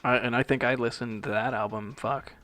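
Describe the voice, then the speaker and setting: Young man, podcast co-host, casual chat, profane, animated storyteller, middle pitch. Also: brisk, no room sound. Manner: loose and profane, animated storytelling, laughs often.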